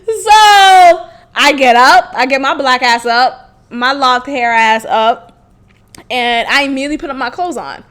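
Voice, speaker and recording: A woman's voice: sits high, fairly even intonation, normal speed, sharp tone. A young woman hosting a podcast, telling a candid story in a blunt, profane way and laughing often. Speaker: podcast host.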